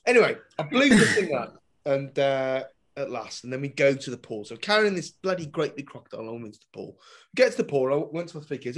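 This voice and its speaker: A man doing a stand-up comedy routine, swinging between loud punchlines and muttered asides. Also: medium pitch, very animated, fast talker. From Britain. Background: audience laughter.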